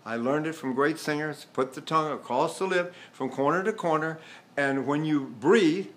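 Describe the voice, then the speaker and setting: Older male voice coach, fairly high-pitched, demonstrative and explanatory lesson delivery. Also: moderate pace. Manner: demonstrative, explains through examples and questions. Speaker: voice teacher. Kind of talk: vocal technique lesson with sung demonstrations.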